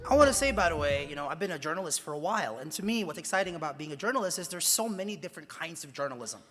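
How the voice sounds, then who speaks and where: A man's voice: a little high, lively intonation, racing, fairly bright tone, soft background music. A man, a journalist, gives a talk to students in a large convention hall. He speaks emphatically and asks many rhetorical questions. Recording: echoey hall with long reverb.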